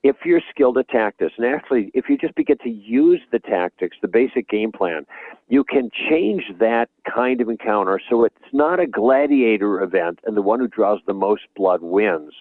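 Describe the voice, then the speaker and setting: A male guest author explaining his ideas in a measured, conversational way during an interview. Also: fairly low pitch, expressive, no room sound. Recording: tinny phone-like remote line.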